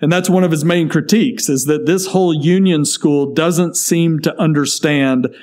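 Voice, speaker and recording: A man's voice: fairly high pitch, moderate pace, darkish tone. A man co-hosting a podcast, explaining academic theology in casual talk with frequent fillers and restarts. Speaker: podcast co-host.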